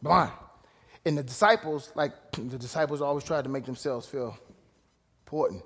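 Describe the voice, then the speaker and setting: A man preaching a sermon, casual and direct, dropping to low asides and rising to shouted emphasis. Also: normal speed, breathy edge. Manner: casual, calls out to listeners. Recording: long hall reverb.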